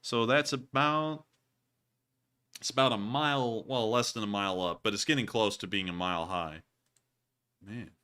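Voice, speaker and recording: A man's voice: fairly low pitch, moderate pace, long pauses, sharp tone, clear, resonant tone. A man hosting a live stream, answering viewer messages in loose, rambling casual talk full of fillers. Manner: rambling, filler-heavy, repeated sign-offs. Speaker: host.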